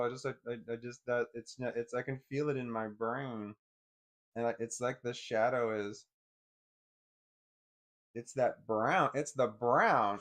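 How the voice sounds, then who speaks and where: A man with a medium-pitched voice talks through what he sees on a live stream. He thinks aloud in a halting way and frequently repeats his words.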